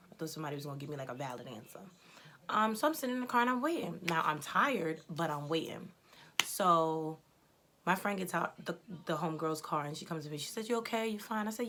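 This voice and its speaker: A woman's voice: low voice, a bit bright. A woman in her twenties telling a personal story in a casual, blunt, chatty way, swearing freely. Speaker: storytelling vlogger.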